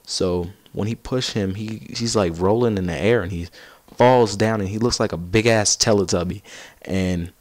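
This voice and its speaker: Teen boy, gaming commentary, casual rambling story, excitable, low voice. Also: moderate pace, dry recording. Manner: rambling, gets loud and excited while laughing at his own stories. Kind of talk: casual storytelling over gameplay.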